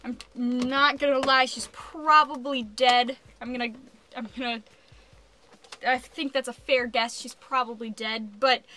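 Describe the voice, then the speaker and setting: A young adult woman vlogging a casual rant, animated and exasperated, peppering her speech with "like.". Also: sits high, a little slow.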